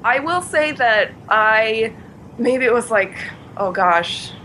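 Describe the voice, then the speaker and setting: Young woman, bright bubbly voice with a lively swinging pitch, giggly casual chat. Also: slow pace, a little hiss or hum, poor audio.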